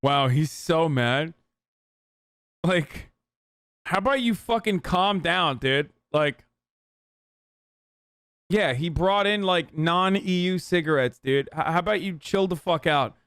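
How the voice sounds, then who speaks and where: Sarcastic high-voiced young man streaming. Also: takes it slowly, pauses often, fairly bright tone, clean tone, dry recording, soft background music. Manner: profane, sarcastic, exasperated. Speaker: streamer reacting to a TV show. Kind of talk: casual reaction commentary.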